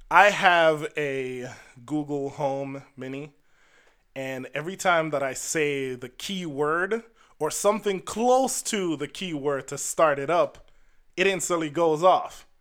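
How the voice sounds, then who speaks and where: Jamaica-born guy vlogging, wry and earnest, slow easy pace. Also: a little high, fairly bright tone, clear, resonant tone. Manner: earnest and wry, acts out the people in his stories. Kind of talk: casual storytelling to camera.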